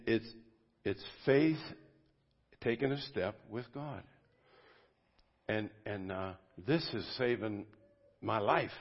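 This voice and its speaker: Male pastor, husky mid-pitched voice, informal sermon at a church service, dull lo-fi recording. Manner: conversational, swinging from loud bursts to quiet asides. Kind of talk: informal sermon to a men's group.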